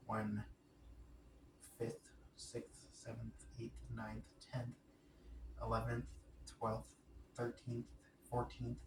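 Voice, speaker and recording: A man's voice: medium pitch, gravelly, distant mic. A man thinking aloud to himself, muttering and repeating words as he works something out. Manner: muttering and repeating, unsure, working out fractions aloud. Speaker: vlogger. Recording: echoey room, off-mic, noisy background.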